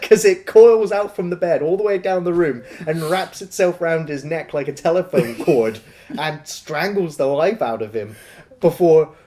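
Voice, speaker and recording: A man's voice: a little high, moderate pace, mellow, slight background noise. A man co-hosting a film review show, recapping the plot in a wry, casual way. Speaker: film review podcast co-host. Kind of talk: casual chat.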